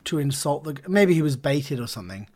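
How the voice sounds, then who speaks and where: A British man co-hosting a comedy podcast, telling rambling, animated anecdotes in casual chat. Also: fairly high pitch, quick pace. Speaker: podcast co-host.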